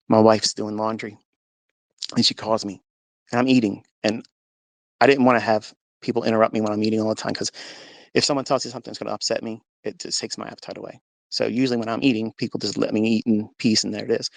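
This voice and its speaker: Gravelly man telling a personal testimony. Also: fairly low pitch, little pitch movement, brisk, pauses often, dry recording. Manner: earnest storytelling, reenacting his own past words; religious. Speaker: trading mentor. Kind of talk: personal testimony told to an audio-chat audience.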